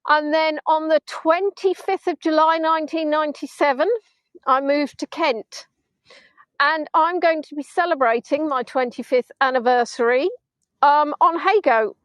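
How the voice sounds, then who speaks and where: A middle-aged woman from Hampshire with a southern English accent, chatting warmly with viewers while leading a live virtual tour outdoors on a beach. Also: high voice, measured pace, no echo, poor audio. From England (Hampshire). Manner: chatty, affectionate, answering viewers' comments.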